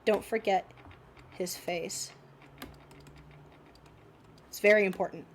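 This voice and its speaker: A woman's voice: medium pitch, fairly even intonation, slow, a little hiss or hum. A young woman teaching an unscripted art lesson, critiquing student drawings in a chatty, encouraging way with many fillers and restarts, sounding slightly congested.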